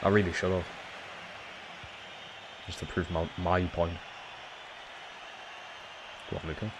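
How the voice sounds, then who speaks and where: A man's voice: sits low, fairly even intonation, slow, noisy background. A young Geordie man from Newcastle, streaming a football game and ranting with lots of swearing. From Newcastle, England. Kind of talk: live gaming commentary.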